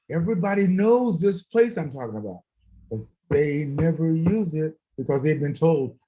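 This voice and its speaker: A man in a casual chat tells stories with lots of laughter and acts out the people he quotes. His voice sits a little high for a man and swings a lot from line to line. He sounds like he is on a video call. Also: a little fast, low-quality recording. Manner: animated, laughing storyteller who acts out quotes. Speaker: guest musician.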